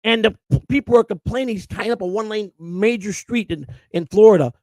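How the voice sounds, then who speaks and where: A man's voice: high voice, fairly quick, a little mellow, no echo, studio quality. A middle-aged man hosting a live stream, telling an emotional, rambling personal story and often repeating and restarting his words. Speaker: host.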